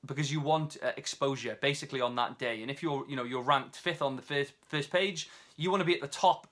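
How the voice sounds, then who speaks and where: A British man giving a casual video tutorial as an online seller, talking quickly with many fillers and restarts. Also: mid-range voice, a bit bright. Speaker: online seller teaching a course.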